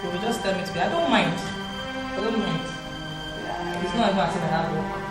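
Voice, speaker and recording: A woman's voice: mid-range voice, a little fast, close to an everyday voice. An actress playing a pushy, scheming young woman with a Nigerian accent, insistently pressing favors in a wheedling way. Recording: echoey room with loud film music.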